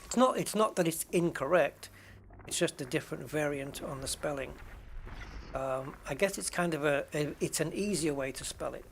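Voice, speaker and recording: Chatty British man, fairly high voice. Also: normal speed, vocal fry, slight background noise. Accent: British English. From United Kingdom. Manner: rambling, chatty, self-correcting. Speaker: game streamer answering chat. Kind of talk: casual chat while gaming.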